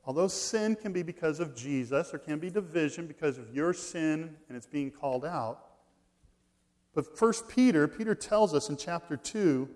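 Man preaching a sermon, swinging loud and soft. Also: a little high, lively intonation. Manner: reads scripture slowly, swings from loud stress to quiet asides. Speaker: pastor.

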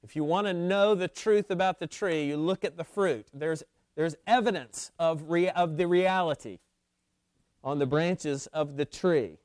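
A man's voice: a little high, unhurried, a little mellow, clear, resonant tone, no echo, studio quality. A man preaching a sermon to his congregation, pressing points home by repeating key phrases, with frequent restarts. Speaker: pastor.

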